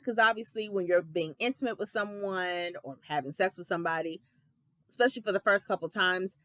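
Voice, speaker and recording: A woman in her thirties hosting a casual reality TV recap, sassy and animated, with dramatic asides and sharp jumps in pitch for emphasis. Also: no room sound. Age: 30s.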